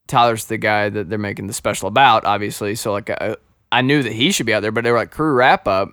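A man co-hosting a podcast, telling an animated story in casual chat, laughing often and acting out quoted dialogue. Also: lowish voice, fast, dry recording, studio quality. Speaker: podcast co-host.

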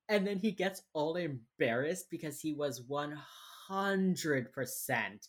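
A woman with a very deep, husky voice chats through a TV episode recap. She retells scenes with animation and slips into the characters' lines as she goes. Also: lively intonation, moderate pace, few pauses. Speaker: podcast co-host. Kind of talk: casual chat recapping a TV episode.

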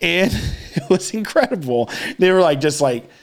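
A man's voice: a little high, animated, moderate pace. A man telling a rambling, profane story in casual chat as a podcast co-host. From Austin, Texas area.

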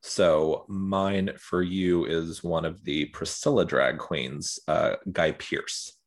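A man co-hosting a casual podcast over a video call, laughing often and speaking in quick bursts. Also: sits low, steady tone. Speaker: podcast co-host. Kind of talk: casual chat.

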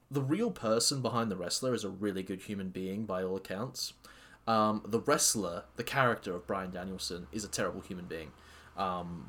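Excitable rambling man recapping wrestling. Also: medium pitch. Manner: excited, rambling, many fillers and restarts. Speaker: wrestling fan commentator. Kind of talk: casual recap monologue.

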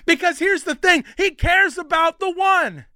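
A young man preaching a sermon in a casual, energetic way, with slangy asides and passages that build up to shouting. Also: very high voice, a little slow, no echo, studio quality.

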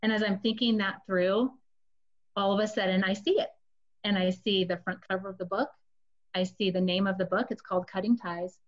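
A woman's voice: mid-range voice, fairly even intonation, brisk, muffled recording. A woman sharing a personal testimony in a casual, confessional storytelling way, speaking directly to her listeners.

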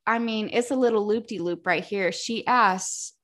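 A woman's voice: mid-range voice, moderate pace, fairly bright tone. A young adult woman co-hosting a casual book podcast, ranting and swearing as she recaps and reads quotes dramatically. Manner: profane, ranting, dramatic read-aloud of quotes. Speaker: podcast co-host.

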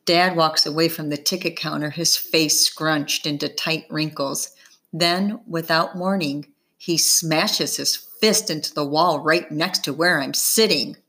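A woman narrates a novel in the first person, taking her time over each line. Her voice sits a little low, and she slips gently into the characters' dialogue. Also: fairly even intonation, measured pace, slightly rough. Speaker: audiobook reader.

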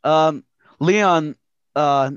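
A man's voice: a little high, very slow, clean tone, dry recording, dull audio. A man running a casual tabletop game, narrating with many restarts and mild swearing. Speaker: game master.

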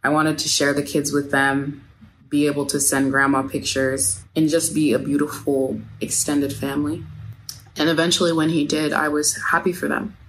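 A woman with a notably low voice reads a personal statement aloud in a measured, steady way. A faint hiss sits under the recording. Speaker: narrator of a personal account. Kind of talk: read first-person statement.

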